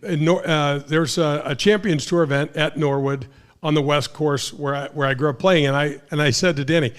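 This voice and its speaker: Lively older man telling golf stories. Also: a little high, normal speed. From St. Louis, Missouri. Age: 60s. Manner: animated anecdotes, acts out quoted voices, frequent restarts. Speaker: host, former pro golfer. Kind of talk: casual storytelling chat.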